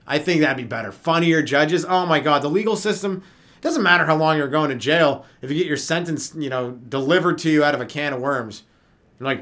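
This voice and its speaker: Young guy, kinda high voice, rambling and swearing through podcast bits. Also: fairly quick, a bit bright. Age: young adult. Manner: profane, rambling, jumps into mock voices. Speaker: comedian podcast host. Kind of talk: rambling stand-up style monologue.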